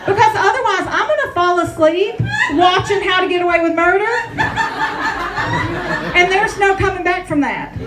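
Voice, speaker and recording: A woman's voice: extremely high pitch, moderate pace, very noisy. A woman in her thirties, performing a brash, profane stand-up comedy set with a chatty storytelling manner.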